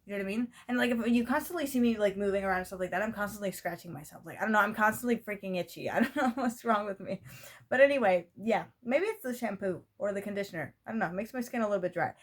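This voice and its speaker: A young woman talks to her camera in a loose, rambling vlog. She circles around her points, restarts her sentences and fills the pauses with "like" and "you know what I mean". Her pitch sits in the middle for a woman. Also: lively intonation. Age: young adult. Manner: rambling, talkative, many fillers and restarts. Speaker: vlogger. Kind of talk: casual vlog monologue. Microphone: camera mic.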